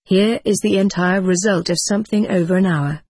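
A narrator reading a first-person memoir aloud in a steady, unhurried audiobook style. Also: medium pitch, breathy edge, no room sound.

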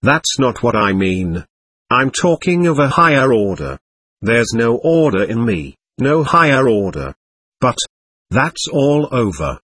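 A restless young man lurches between toasts and gloom in a rambling, husky voice, as a man reads him from a storybook. His voice swings widely, sometimes sinking low. The sound is dry. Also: very animated, unhurried, a bit bright, no room sound, heavily acted. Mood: brooding. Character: excitable melancholy young man drinking.

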